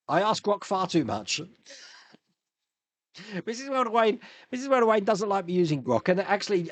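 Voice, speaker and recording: A man's voice: on the high side, no room sound. A man hosting a casual live stream, chatting and reading viewer comments with frequent chuckles and restarts.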